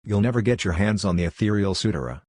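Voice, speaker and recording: A man's voice: lowish voice, animated, fast talker, darkish tone, dry recording. A man reading a stern old sect master. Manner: stern, grave.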